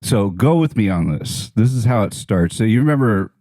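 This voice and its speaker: A man's voice: on the low side, lively intonation, normal speed, dark tone, dry recording. A man telling a rambling story in casual chat, swearing freely and laughing as he goes. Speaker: podcast guest.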